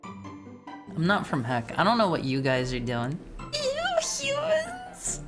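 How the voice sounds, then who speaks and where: Playful, lively-voiced streamer woman. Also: rumbling low, a little slow, faint music behind. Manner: playful, rambling, stammering restarts. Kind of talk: casual live-stream chat.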